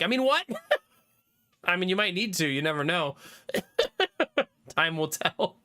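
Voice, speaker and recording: Male streamer in his 30s, bright tone, lively swooping pitch, chatty, quick to laugh. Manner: chatty, laughs often, reads chat aloud. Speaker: livestreamer. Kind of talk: casual chat with stream viewers.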